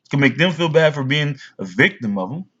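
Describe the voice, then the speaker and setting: A man's voice: fairly high pitch, animated, fairly quick, bright, forceful tone, husky, highs cut off. Blunt rambling father in his forties. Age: 40s. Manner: blunt, rambling, with many fillers. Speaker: father giving advice. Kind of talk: casual to-camera talk.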